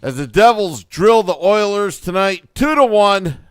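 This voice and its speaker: Brief: smooth-voiced man, podcast host, tongue-in-cheek announcer intro, slightly high, dry close mic. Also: expressive, unhurried, no room sound. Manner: playful announcer patter, tired late at night. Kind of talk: mock-grand broadcast intro.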